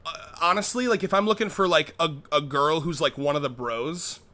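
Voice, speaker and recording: Bright-voiced young man chatting casually. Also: fairly high pitch, expressive, fairly quick. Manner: rambling, many fillers and restarts, laughs easily. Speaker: co-host. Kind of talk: casual chat.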